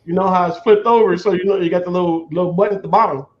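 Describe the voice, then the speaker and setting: A man hosting a casual livestream chat, telling an animated story and laughing a lot. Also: sits high, very fast. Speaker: host. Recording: dull lo-fi stream audio with faint noise.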